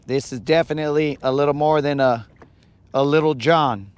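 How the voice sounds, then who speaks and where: Upbeat man angler on a lake, fairly high voice, playful running commentary with Spanish slang. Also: fairly even intonation, moderate pace, clear, resonant tone, dry recording. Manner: playful, hyped banter peppered with Spanish slang. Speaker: angler, channel host. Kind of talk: live fishing vlog commentary. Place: outdoors on a lake.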